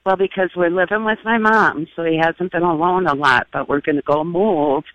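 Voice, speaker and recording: A middle-aged woman calling in to a radio show, explaining at a slow, rambling pace. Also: fairly low pitch, fairly bright tone, no echo, dull audio. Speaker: caller. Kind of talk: phone-in call.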